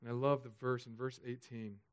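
A man preaching a sermon as pastor, emotional, swinging between loud urging and soft, hushed stretches. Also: mid-range voice, little pitch movement, brisk, no room sound.

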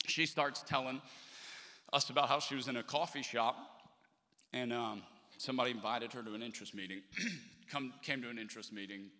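A man's voice: medium pitch, brisk, pauses often, sharp tone. A man preaching a sermon as pastor, chatty and joking with his congregation. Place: church sanctuary. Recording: long hall reverb.

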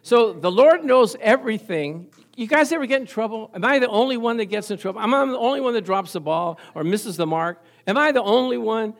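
A male pastor delivers a sermon in a fairly high voice. He tells everyday stories, laughs often, and keeps calling on the congregation for an amen. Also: lively intonation, brisk, few pauses. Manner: storytelling with call-and-response, laughing often.

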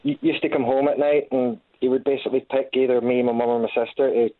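A Scottish man in his thirties, a guest in a casual interview, talking haltingly with many restarts. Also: medium pitch, fairly even intonation, no room sound. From Scotland. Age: 30s. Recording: tinny phone-like line.

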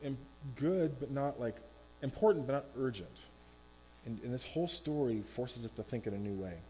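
A man preaching a sermon from a church stage, animated and acting out quoted voices. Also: mid-range voice, moderate pace, muffled recording, slight background noise. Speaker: pastor.

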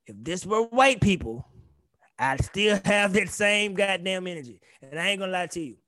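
A young man co-hosting a podcast, ranting in animated, profane casual chat. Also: sits high, normal speed, no room sound, clean studio sound. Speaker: podcast co-host.

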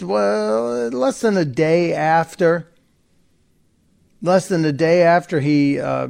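A man's voice: on the high side, gravelly, a little mellow. A man hosting a talk radio show, giving an opinionated, sarcastic monologue and mocking the people he quotes.

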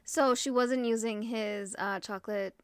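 A woman co-hosting a podcast, chiming in with quick jokes and questions in casual chat about books. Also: fairly high pitch, steady tone, clean tone, no room sound, clean studio sound. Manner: quick joking interjections, apologetic. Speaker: podcast co-host.

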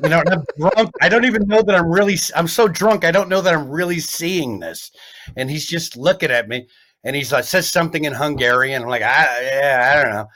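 Brief: fairly high-voiced male comedian, rambling, animated storyteller. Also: a little fast. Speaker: comedian guest. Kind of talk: casual storytelling chat.

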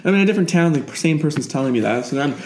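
A man chatting casually, joking quickly in easy banter. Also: fairly high pitch, expressive, darkish tone, a little hiss or hum. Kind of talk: casual chat. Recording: roomy echo.

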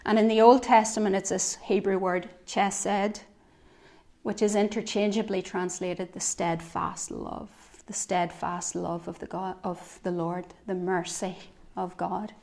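A woman giving a devotional sermon, earnest, swinging between soft reflective lines and emphatic ones. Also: medium pitch, little pitch movement, a little slow, gravelly. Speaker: preacher.

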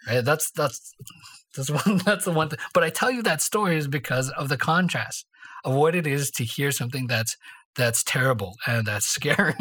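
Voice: medium pitch, fairly bright tone, husky. Rambling storyteller, keeps asking "right?". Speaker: podcast co-host. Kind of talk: casual faith discussion.

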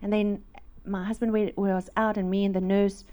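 At a church, a woman delivers a testimony sermon, telling her personal faith story and acting out the voices of its characters. Her mid-range voice is warm, fairly quick and shows little pitch movement.

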